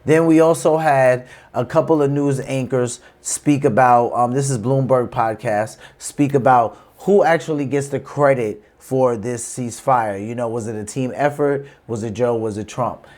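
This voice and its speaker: A man's voice: mid-range voice, normal speed, a little mellow. Casual man hosting a reaction channel. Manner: conversational, explains clips before playing them. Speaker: political reaction channel host. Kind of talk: casual commentary.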